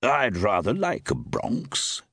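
Guy doing a smooth slow-talking police chief, low and dry. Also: huge pitch swings, a bit bright, dry recording, exaggerated voice. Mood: urbane. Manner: slow, measured, urbane. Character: suave older police chief, urbane and unhurried.

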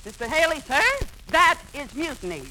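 A bossy, excitable young woman who talks big and schemes for what she wants. Her voice sits high and leaps around, broad and theatrical. It sounds like a hissy 1940s radio broadcast. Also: moderate pace, heavily acted, low-quality recording. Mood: grandiose. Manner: brash, theatrical, flustered when caught out. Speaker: comic lead. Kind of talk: 1940s radio comedy acting.

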